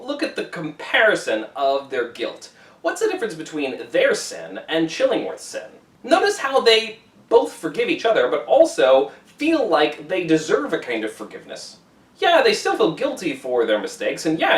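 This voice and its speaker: A man teaching, walking students through a classic novel as an enthusiastic, animated explainer. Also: high voice, distant mic. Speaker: English teacher. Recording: roomy echo, away from the mic.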